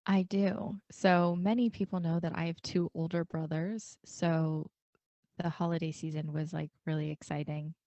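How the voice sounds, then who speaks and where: A woman's voice: low voice, level tone, normal speed, warm tone, dry recording, highs cut off. A young adult woman co-hosting a podcast, telling stories in casual chat with lots of "like". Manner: chatty storyteller, lots of "like". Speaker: podcast co-host.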